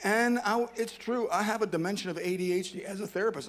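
A man's voice: high voice, quick pace. An older man speaking at a conference, telling a personal story as a sermon, rambling and self-deprecating with many restarts.

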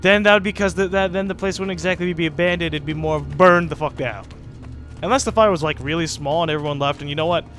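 A young man casually commenting on his gameplay as a let's play host, chatty and sarcastic with excitable outbursts. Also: fairly high pitch, fast, faint music behind.

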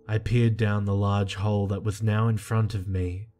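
A man reading a creepy first-person horror story in a slow, hushed and tense way. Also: on the low side, level tone. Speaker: narrator. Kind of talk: scripted horror narration. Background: soft music.

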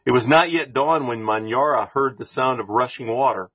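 Man reading a storybook aloud: husky, steady, expressive, dry close recording. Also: medium pitch, moderate pace, dry recording. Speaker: reader.

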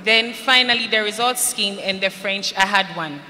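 This woman from Ghana speaks at a school event in a large, reverberant hall with faint noise, giving students a sincere personal testimony and voicing the people in it. Her mid-range voice is bright and forceful, at a moderate pace.

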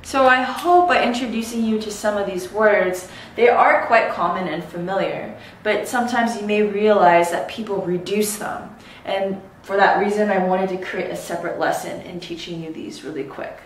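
A woman teaching English pronunciation, saying each example word slowly and clearly. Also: medium pitch, a little hiss or hum. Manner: slow, clearly articulated teaching. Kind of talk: pronunciation lesson. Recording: echoey room, distant mic.

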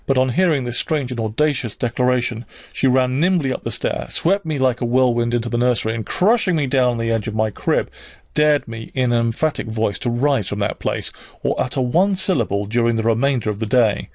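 A man narrating a classic novel as an audiobook reader, measured and unhurried. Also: medium pitch, darkish tone, no room sound, clean studio sound. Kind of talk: scripted narration.

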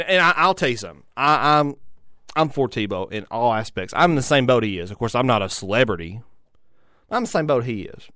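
A man's voice: lowish voice, fairly bright tone, clean tone, no room sound, clean studio sound. A young adult man, hosting a solo sports talk show, rambling with frequent restarts and repeated words. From Tennessee. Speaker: sports radio host.

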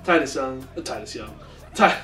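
A man co-hosting a casual podcast, retelling events with animated acted-out quotes. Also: medium pitch, moderate pace, reverberant, far from the mic, soft background music. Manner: animated storyteller, acts out quotes. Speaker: podcast co-host. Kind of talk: casual recap chat.

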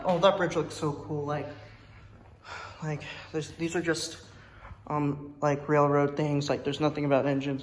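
A young woman vlogging in an indoor museum on a handheld phone, rambling and enthusiastic with many fillers, now and then dropping to a hush. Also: deep voice, slight background noise. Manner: drops to a hush at times. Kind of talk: excited vlog commentary.

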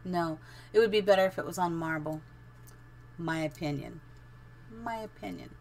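A woman's voice: deep voice, normal speed, a little mellow. A middle-aged woman casually commenting on her live-streamed building game, chatty and giggly, thinking aloud as she goes.

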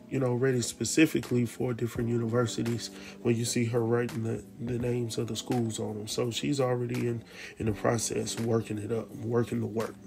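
A man casually recapping a TV drama episode, animated and slangy, speaking straight to his viewers. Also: mid-range voice, creaky. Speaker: TV recap host.

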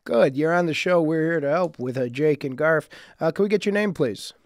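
A man co-hosting a comedic advice podcast, talking in a quick, friendly, jokey way. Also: fairly high pitch, no echo, clean studio sound. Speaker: podcast co-host. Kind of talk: casual comedic advice chat.

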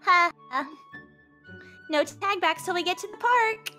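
A woman's voice: extremely high pitch, a little slow, bright, forceful tone, faint music behind, voice pushed up, heavily acted. Riley, a teasing kid, as a woman reads the part. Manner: teasing, playful. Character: cheeky third-grade kid eager to play tag. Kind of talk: reading game lines aloud. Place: home setup on a live stream.

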